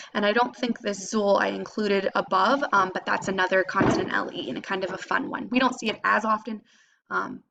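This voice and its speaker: Speaking to a class of young children, this woman teaches phonics and patiently breaks syllables down, pronouncing them slowly and distinctly. She has a medium-pitched voice that comes across a bit bright.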